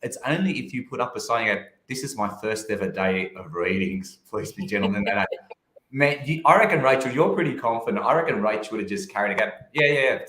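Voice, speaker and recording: A man's voice: fairly low pitch, quick pace, echoey room. A man co-hosting a casual chat, telling stories and acting out what people said. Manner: animated storytelling, acts out quotes. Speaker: co-host.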